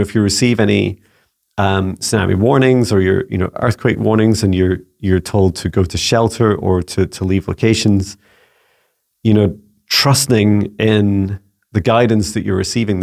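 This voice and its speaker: Low gravelly Scottish man, gentle and halting. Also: steady tone. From Scotland. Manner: gentle and soothing, halting with frequent repeated words. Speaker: spiritual mentor answering viewer questions. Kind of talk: casual spoken Q&A video.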